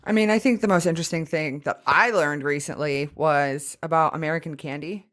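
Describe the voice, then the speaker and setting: A woman co-hosting a podcast in casual chat, animated and swearing freely, with lots of fillers. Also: sits low, fairly quick. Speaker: podcast co-host.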